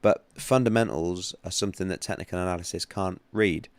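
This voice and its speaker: Male streamer, deep voice, dry close sound, loose chatty delivery. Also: brisk, no echo. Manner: rambling, chatty, many restarts and fillers. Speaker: livestream host, trading analyst. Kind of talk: casual livestream chat.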